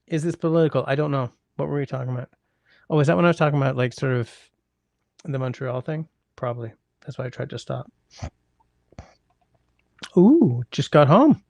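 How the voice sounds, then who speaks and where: A man hosting a casual livestream from a close mic, chatty and rambling with wry asides to his viewers. His voice is gravelly at a middle pitch, and the sound is dry and close. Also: fairly even intonation, quick pace, darkish tone, no room sound. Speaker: livestream host reading chat.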